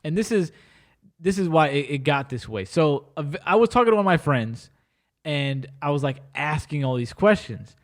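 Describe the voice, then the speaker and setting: A man's voice: a little high, moderate pace. A man hosting a podcast, chatting casually and telling stories in slang, often breaking off and restarting mid-sentence. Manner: animated storyteller with slang and frequent self-interruptions. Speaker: podcast host.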